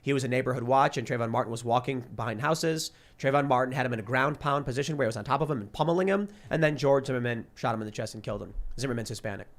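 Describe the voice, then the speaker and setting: A man's voice: mid-range voice, racing, few pauses. A man hosting a podcast panel, talking casually and jokingly and reading news stories aloud. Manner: animated, jokey, reads news stories aloud. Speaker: podcast host.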